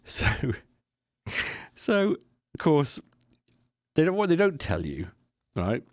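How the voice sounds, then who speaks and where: A man telling a lively anecdote on a podcast, slipping into mimicked voices and laughing as he goes. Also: on the high side, takes it slowly, no echo, clean studio sound. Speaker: podcast co-host. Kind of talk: casual storytelling chat.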